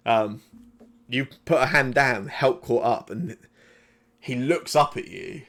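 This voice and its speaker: A man in the game master's seat, telling the story of a tabletop session in a relaxed, rambling way. His voice sits at an ordinary middle pitch, and he pads his narration with casual fillers. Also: takes it slowly, vocal fry. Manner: loose, conversational narration full of fillers.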